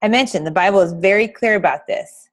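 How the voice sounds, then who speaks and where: A middle-aged woman teaches a class in a relaxed, chatty way. She calls her listeners guys and acts out everyday reactions as she goes, pitched at an ordinary middle height for a woman. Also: a little fast. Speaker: class instructor. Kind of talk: lively class talk on health and faith.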